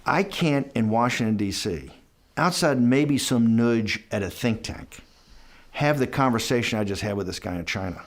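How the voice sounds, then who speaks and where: A man's voice: mid-range voice, lively intonation, moderate pace. A man who is an interview guest, telling a story in casual, rambling speech that often breaks off and restarts and acts out other people's lines. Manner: quotes others in dialogue.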